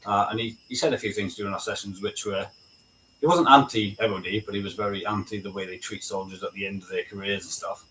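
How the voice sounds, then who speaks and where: In a fairly low, bright, forceful voice with a steady tone and quick pace, a veteran of the British army talks bluntly and openly as a guest on a casual video chat. He swears freely, often asking "right?", over a distant mic with faint noise.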